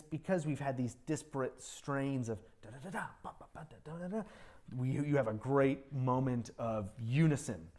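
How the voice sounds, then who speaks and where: Man running a composition master class in a music school rehearsal room. His voice sits at a middle pitch. He is encouraging and sings out rhythms to show phrasing. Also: a little mellow. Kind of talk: coaching a student composer at a rehearsal.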